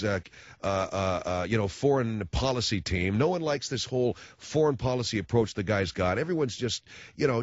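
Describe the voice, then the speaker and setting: A man's voice: medium pitch, no echo, lo-fi sound. A man hosting a talk radio show, ranting about politics in a sarcastic, mocking way.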